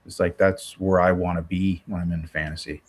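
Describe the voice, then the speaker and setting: A man's voice: deep voice, flat delivery, moderate pace, husky. A man chatting casually as a guest, describing things dreamily and filling his talk with "like". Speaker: guest in the chat. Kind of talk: casual group chat.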